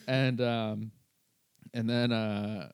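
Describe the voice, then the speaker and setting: A man's voice: fairly low pitch, extremely slow, clear, resonant tone, no room sound, studio quality. A man, a stand-up comedian, telling a story in casual podcast talk and acting out what other people said. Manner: animated, acts out the other people's lines. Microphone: podcast microphone.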